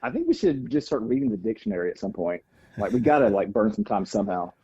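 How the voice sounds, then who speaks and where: A man's voice: on the low side, fast, husky, dry recording, highs cut off. A man from Alabama with a Southern accent, chatting animatedly and joking as a guest on his brother's podcast. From Alabama, USA. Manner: animated, effusive, jumps in with jokes. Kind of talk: casual podcast chat. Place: at home.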